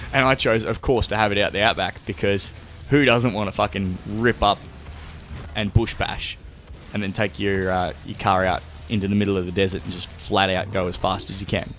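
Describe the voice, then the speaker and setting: A young Australian man with a lowish voice rambles through a laid-back gaming chat, swearing freely and laughing along at his own stories. A faint hiss hangs under his voice. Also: steady tone, moderate pace, fairly bright tone. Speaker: co-host of a gaming show. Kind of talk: casual chat while gaming.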